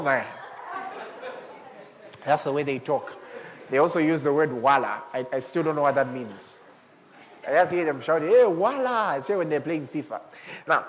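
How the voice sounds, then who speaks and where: A man preaching a sermon as pastor, animated, swinging up to shouts and laughing with the congregation. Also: on the high side, slight background noise. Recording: long hall reverb.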